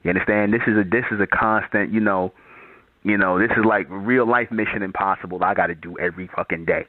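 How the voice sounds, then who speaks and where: A man's voice: low voice, fairly even intonation, fast talker, dry recording. A man hosting a call-in show, blunt and profane, repeating his points as he lectures a caller. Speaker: channel host taking calls. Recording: tinny phone-like sound.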